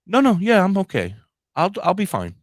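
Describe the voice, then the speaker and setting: A man imitating his stoned, giggly wife, who insists in a high, sing-song voice that she is fine. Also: huge pitch swings, normal speed, dry recording, clean studio sound, full character voice. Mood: protesting.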